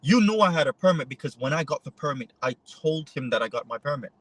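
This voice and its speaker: A man, a photojournalist, recounting an incident to an interviewer in a conversational, animated way, acting out both sides of quoted exchanges. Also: on the high side, fast, no room sound, rough recording. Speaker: interview guest. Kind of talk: conversational storytelling.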